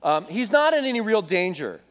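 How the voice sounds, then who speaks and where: High-voiced man preaching a casual sermon. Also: normal speed. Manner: casual, animated storytelling with asides to the congregation. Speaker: pastor.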